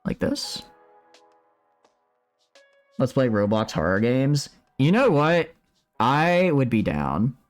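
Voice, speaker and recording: Animated man chatting on stream. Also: medium pitch, takes it slowly, pauses often, soft background music. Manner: animated, chatty, reacting to chat. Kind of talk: casual live-stream chat. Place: at home, building a model kit.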